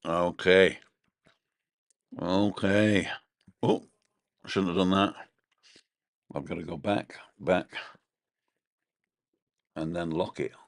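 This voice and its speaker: A man's voice: low voice, steady tone, drawn-out words, pauses often, dry recording. A man co-hosting a casual live stream from his balcony, rambling chattily and reading out viewer comments. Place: home balcony.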